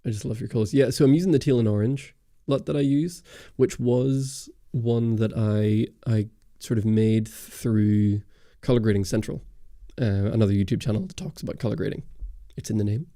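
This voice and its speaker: A man's voice: lowish voice, normal speed, few pauses, dark tone, no room sound. A man from Northern Ireland with a Northern Irish accent, hosting a casual livestream and rambling through answers to viewer chat on a close studio mic. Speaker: YouTube host on a livestream.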